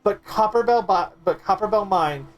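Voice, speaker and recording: A man's voice: high voice, moderate pace, over loud music. Stammering man chatting over a game. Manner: animated, stammering, swears casually. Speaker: streamer. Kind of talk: casual game commentary.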